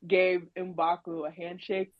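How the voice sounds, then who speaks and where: A woman from Haiti talking in a casual chat, lively and emphatic with slang. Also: fairly low pitch, slow pace, dry recording. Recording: dull lo-fi sound.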